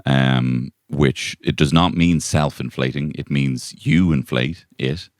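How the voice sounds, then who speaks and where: Very deep-voiced Irish man telling a story. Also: slow, no room sound, clean studio sound. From Ireland. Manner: rambling storyteller, acts out voices. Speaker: podcast co-host. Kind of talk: casual comedic chat. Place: bedroom.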